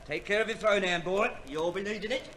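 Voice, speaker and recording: A hearty nosy neighbour. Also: male voice, high voice, a little fast, fairly bright tone, a little hiss or hum. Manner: hearty and chummy. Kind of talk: 1950s radio play acting.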